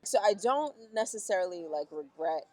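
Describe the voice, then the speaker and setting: Soft-spoken reflective woman interviewer. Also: lowish voice, animated, normal speed, rough recording. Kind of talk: casual street interview. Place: outdoors in a park.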